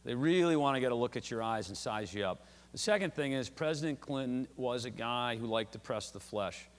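Animated man telling a story on stage. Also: medium pitch, a little fast, long reverb tail. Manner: animated storyteller, loud, joking with audience. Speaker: author giving a lecture. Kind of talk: anecdotal public talk. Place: large lecture hall.

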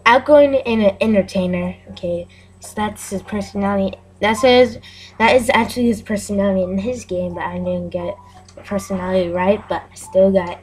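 A woman's voice: medium pitch, fairly even intonation, fairly quick, a little mellow, slight background noise. A woman giving casual, chatty commentary as she plays a game, often giggling. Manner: chatty and giggly, narrating aloud. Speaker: gameplay video host.

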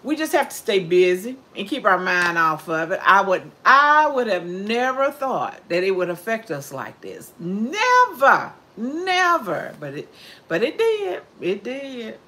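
An older woman with a drawl talks to her livestream viewers in a loose, heartfelt way. She speaks at an ordinary middle pitch, rambling warmly from one thought to the next and reading comments aloud. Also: big pitch swings, a little slow. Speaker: cooking livestreamer. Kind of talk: casual chat.

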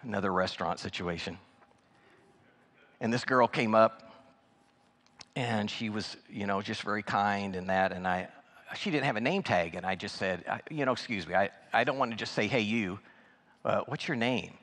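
Speaking as a guest preacher in a church sanctuary, a man tells personal stories in a folksy, conversational sermon, often pausing and restarting his sentences. His voice is lowish and a bit bright at a moderate pace, and the hall's reverb fills the recording.

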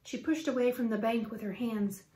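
A woman's voice: fairly high pitch, fairly even intonation, normal speed, mellow. Woman reading a children's book aloud. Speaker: reader. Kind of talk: children's read-aloud narration. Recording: roomy echo.

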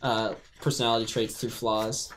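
A man's voice: medium pitch, little pitch movement, fairly bright tone, a little hiss or hum. A man at a tabletop game session, chatting casually and often cutting in with questions. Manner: quick to question and interject. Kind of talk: casual chat.

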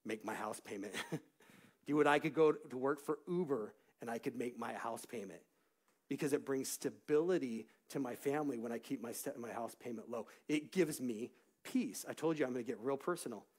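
A middle-aged man preaching a church sermon, telling personal stories in an animated way that rises into shouts of praise. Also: mid-range voice, normal speed, breathy edge. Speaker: pastor. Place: church sanctuary.

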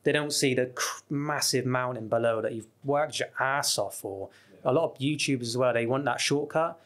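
A British man chatting as a podcast guest. He tells his stories in a loose, animated way, full of fillers and false starts, at an ordinary middle pitch. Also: normal speed. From United Kingdom. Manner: animated storytelling with lots of fillers and restarts. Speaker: guest, travel YouTuber. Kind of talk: casual podcast chat.

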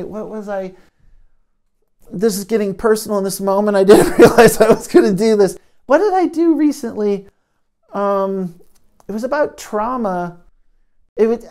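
A man, a trauma therapist, gently giving a self-help talk to camera into a microphone, soft-spoken with many pauses. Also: high-pitched. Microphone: studio microphone.

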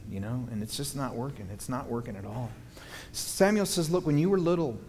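A man preaching a sermon in a folksy, animated way, wandering off into stories. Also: a little high. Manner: folksy, animated, digressive storytelling. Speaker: pastor. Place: church hall. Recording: long hall reverb, faint background noise.

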